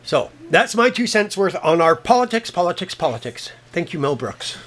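Canadian guy ranting on a podcast, swears a lot, kinda high voice. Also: sing-song, normal speed, fairly bright tone. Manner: blunt, profane, combative. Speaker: podcast co-host. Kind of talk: ranting political commentary.

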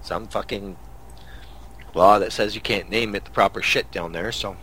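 A man's voice: on the low side, fairly even intonation, moderate pace, fairly bright tone, breathy edge. A man from Canada hosting a podcast, telling angry road-rage stories in a profane, casual rant. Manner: angry, swearing storyteller. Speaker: podcast host.

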